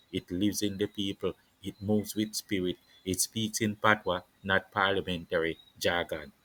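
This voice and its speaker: A man holds forth on politics in a preaching, declamatory style, stacking repeated phrases. His voice sits very low yet comes across forceful and bright-edged. The recording is dry and close, with no room sound. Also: dry recording, poor audio. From Jamaica. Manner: preaching, declamatory, repetitive cadences. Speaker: political commentator. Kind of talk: impassioned political monologue.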